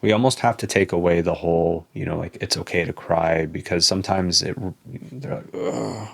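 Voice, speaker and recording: A man's voice: low-pitched, fairly even intonation, brisk, gravelly. A young man speaking as a podcast guest, earnest and persuasive, often tagging points with "right?". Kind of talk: casual interview talk.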